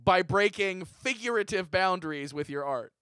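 A man in an improv comedy scene, questioning with an incredulous, rapid-fire manner. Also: high voice, animated, pushed and bright, clear, resonant tone, no room sound, clean studio sound. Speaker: improv performer questioning the ghost.

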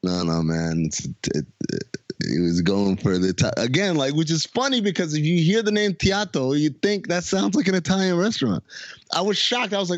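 A man's voice: fairly high pitch, fairly quick, no echo, muffled recording. A man hosting a casual podcast chat, retelling a TV episode with jokes and laughter. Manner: animated, laughing, jokey storytelling. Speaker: podcast host.

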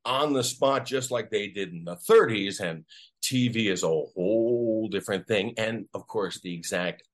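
A man, an actor, telling a story casually in an interview, animated and acting out the voices of people he quotes. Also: on the low side, normal speed. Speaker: actor guest.

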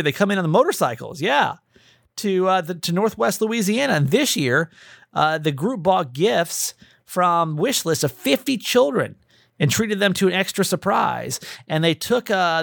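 A man's voice: fairly high pitch, creaky, a bit bright, no echo, clean studio sound. A man hosting a podcast in a chatty, rambling monologue, often restarting his sentences. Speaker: podcast host.

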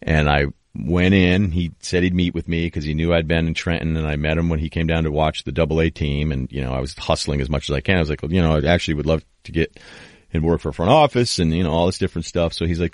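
Low-voiced rambling man hosting a podcast. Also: fairly even intonation, fast, no room sound, studio quality. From New England. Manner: rambling, storytelling with many fillers and restarts. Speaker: podcast host. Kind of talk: casual podcast talk.

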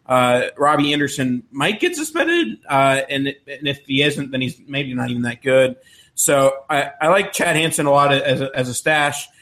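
A man co-hosting a casual sports podcast, laying out his picks in a steady, explanatory way. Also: medium pitch. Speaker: podcast co-host.

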